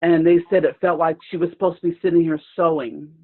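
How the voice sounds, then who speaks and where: A woman's voice: fairly low pitch, steady tone. Woman telling a story over a tinny call. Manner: rambling, halting, with many restarts. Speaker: participant sharing a story. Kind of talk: emotional personal storytelling. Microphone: video call. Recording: tinny phone-like video call audio.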